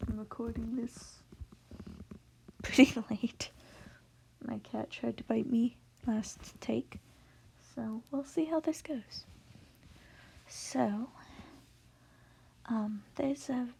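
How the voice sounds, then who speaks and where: Give me a woman talking slowly in a soft, mellow half-whisper, casually explaining a voice technique. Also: a little high, creaky, a little hiss or hum, poor audio. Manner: hushed, half-whispered, rambling with many fillers. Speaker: voice tutorial creator. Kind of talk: casual spoken voice lesson. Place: home room at night.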